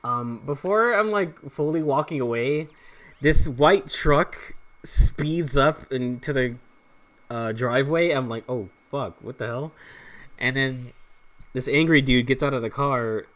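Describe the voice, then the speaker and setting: A man's voice: mid-range voice, a little slow, a bit bright. A young man telling a personal story over gameplay, rambling with frequent swearing, fillers and restarts. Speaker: gaming channel host.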